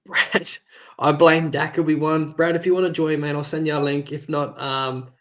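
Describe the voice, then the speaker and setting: A man with an Australian accent, co-hosting a casual fan chat, jokey and quick to laugh. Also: a little high, little pitch movement, dull audio. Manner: jokey, chatty, laughs often. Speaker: co-host.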